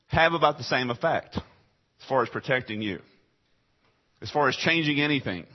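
A man preaching a sermon as pastor, dropping to quiet asides and then rising to loud, emphatic lines. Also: mid-range voice, slightly rough, muffled recording. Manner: dramatic swings between quiet asides and raised emphatic lines.

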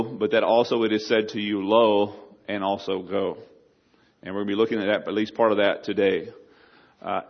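A man's voice: medium pitch, dull audio. A man preaching a sermon as pastor, earnest, often repeating words and rising in emphasis. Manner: earnest, repeats words, rises loud on quotes.

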